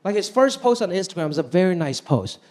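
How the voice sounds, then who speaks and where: A man performing a stand-up comedy routine on stage, animated and putting on voices for the people in his stories. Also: sits high, fast. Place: stage before a laughing audience. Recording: live show with crowd laughter.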